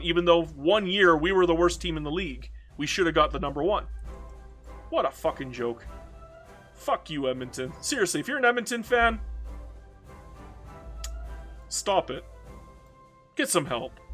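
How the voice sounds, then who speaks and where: High-voiced Canadian man ranting casually. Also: fairly bright tone. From Alberta, Canada. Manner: ranting, profane, laughs between jabs. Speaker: strategy game streamer. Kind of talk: casual livestream chat.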